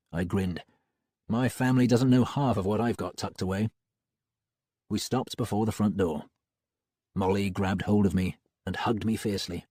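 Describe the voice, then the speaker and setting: A man narrating an audiobook in the first person, wry and expressive, on a close studio mic. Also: lowish voice, normal speed, slightly rough, dry recording. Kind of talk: scripted narration.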